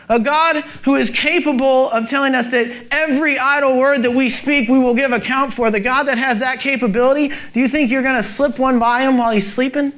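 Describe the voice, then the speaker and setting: A man's voice: very high-pitched, a bit bright. A male pastor preaching a sermon, urgent and emphatic, asking the congregation rhetorical questions.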